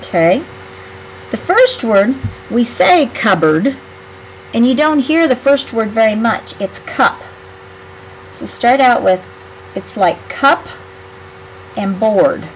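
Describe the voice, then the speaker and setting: A woman teaching a spelling lesson in a clear, patient, instructional voice. She draws out each word slowly so it can be heard sound by sound. A faint hiss of noise sits under the recording. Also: on the high side, expressive, poor audio.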